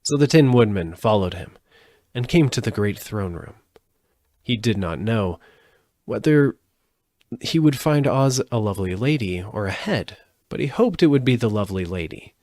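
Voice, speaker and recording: A man reading a storybook aloud live, expressive, with occasional slips and restarts. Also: lowish voice, moderate pace, no room sound, clean studio sound. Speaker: audiobook reader.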